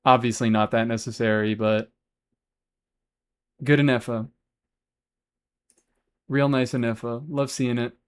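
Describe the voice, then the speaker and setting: A man's voice: mid-range voice, fairly even intonation, moderate pace, clear, resonant tone. A man live-streaming a game, chatting casually and answering chat, swearing freely as he talks. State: has hiccups.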